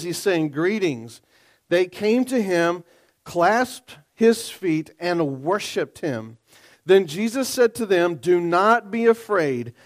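High-voiced animated male pastor. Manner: animated, swinging between quiet reading and loud excited asides. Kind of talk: sermon.

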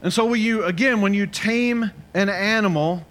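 Middle-aged male pastor, conversational sermon delivery, slightly raised pitch. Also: moderate pace, fairly bright tone. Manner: conversational storytelling preacher, asks amen.

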